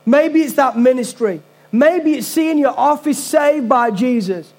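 A man's voice: very high voice, darkish tone. A man preaching a sermon as pastor, earnest and conversational, with casual asides to the congregation.

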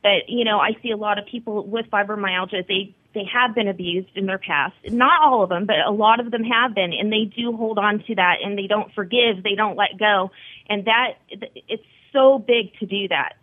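A woman's voice: mid-range voice, moderate pace, no room sound. A woman being interviewed over the phone, speaking earnestly and encouragingly about her own experience. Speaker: guest, wellness site founder. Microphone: telephone. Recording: tinny phone line.

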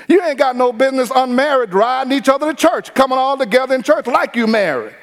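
A high-voiced man preaches with energy, slipping into the voices of the people he describes. His easygoing church talk rings through a long, echoing hall. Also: fairly quick, few pauses. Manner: animated preaching with acted-out quotes. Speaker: pastor. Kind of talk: sermon.

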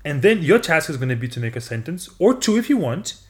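A man's voice: on the high side, fast. Upbeat male podcast host. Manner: upbeat, animated, laughs often. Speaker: podcast host teaching Russian. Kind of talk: casual podcast chat and language lesson.

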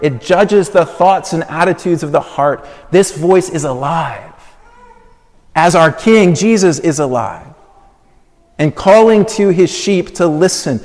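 A man preaching a sermon, measured and emphatic, building with slow repeated phrases. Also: fairly high pitch, darkish tone. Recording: long hall reverb.

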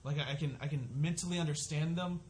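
A man's voice: on the high side, steady tone, quick pace, a little hiss or hum. A man preaching a sermon, earnest and conversational, often restarting his sentences as he works through a scripture passage. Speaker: pastor.

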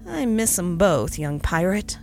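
A woman's voice: on the low side, big pitch swings, unhurried, creaky, darkish tone, soft background music, heavily acted. A woman voicing a kindly, fussy older male country doctor in a storybook reading, grumbling with good humor. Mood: grumbling, jovial. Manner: grumbling good-humored, old-fashioned phrasing.

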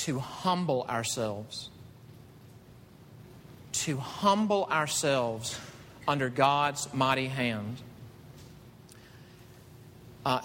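A man preaching a sermon as pastor, animated, climbing to emphatic high peaks. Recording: reverberant hall with faint rumble.

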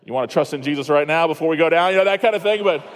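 A man from Iowa preaches at a conference in a chatty, self-mocking storytelling way, full of quick asides and restarts. His voice sits a little high for a man. A long reverb from the large hall trails after each phrase. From Iowa, USA. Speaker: conference speaker. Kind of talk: storytelling sermon.

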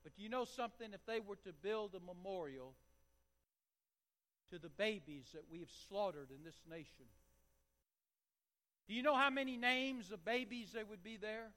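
A man preaching a sermon with impassioned delivery that swells to loud, emphatic peaks. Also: sits high, animated, normal speed, long pauses. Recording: long hall reverb.

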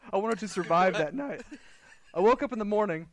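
A man casually telling stories with his brothers, animated, swearing and laughing. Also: high-pitched, fairly quick, no room sound. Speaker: brother in the chat. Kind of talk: casual chat.

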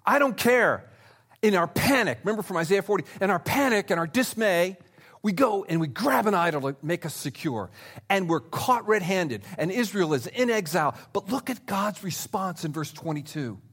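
A male pastor delivers a sermon in a slightly high voice that rises and falls with lots of movement. He speaks straight to his listeners like he's talking with them. He punches some lines loudly and drops others to a hush. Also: moderate pace, slightly rough. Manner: animated, swings from loud emphasis to hushed asides; conversational, speaks directly to listeners.

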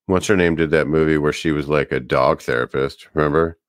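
A man from the Northeastern US co-hosting a podcast in casual chat, telling rambling, animated stories. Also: rumbling low, brisk, dry recording, clean studio sound. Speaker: podcast co-host.

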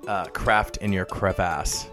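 A man's voice: sits low, steady tone, takes it slowly, music in the background. A man co-hosting a comedy podcast, reading out segments and making crude, teasing jokes. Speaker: podcast co-host. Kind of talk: casual comedy podcast chat.

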